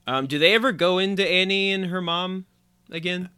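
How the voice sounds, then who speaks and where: A man's voice: high voice, fairly even intonation, moderate pace, bright, forceful tone, clean tone, dry recording. A man co-hosting a podcast in casual chat, reading listener emails aloud and laughing often.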